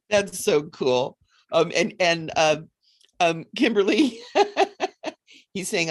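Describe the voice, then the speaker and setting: A woman's voice: low voice, takes it slowly, pauses often. Chatty woman hosting a psychic livestream. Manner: chatty, laughs often, animated. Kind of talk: casual livestream chat with card readings.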